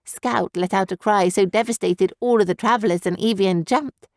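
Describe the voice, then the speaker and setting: Female audiobook narrator, steady storytelling, dry close-mic studio sound. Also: mid-range voice, normal speed, hardly any pauses, dry recording. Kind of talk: scripted narration.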